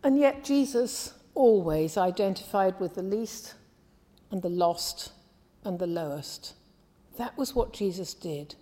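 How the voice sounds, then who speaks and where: A woman from the English Midlands preaching a sermon in a measured, earnest way, often trailing off softly at the ends of phrases. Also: medium pitch, expressive. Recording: long hall reverb.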